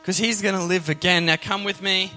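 A man with a high, bright voice preaching with lively energy. He keeps asking his listeners "amen?" and "you with me?". Faint music plays softly behind him. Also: a little fast. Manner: animated, engages audience with "amen?". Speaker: pastor. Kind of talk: sermon.

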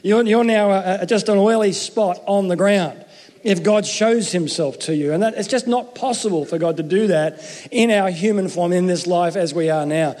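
High-voiced man preaching in a reverberant hall. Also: normal speed, darkish tone. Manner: conversational, jokey, self-interrupting. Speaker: pastor. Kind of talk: sermon.

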